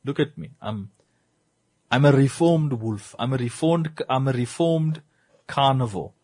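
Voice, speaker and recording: A man's voice: medium pitch, unhurried, a little mellow, husky, no echo. A man voicing a sly male wolf who claims to be reformed, speaking in a wheedling, mock-sincere way.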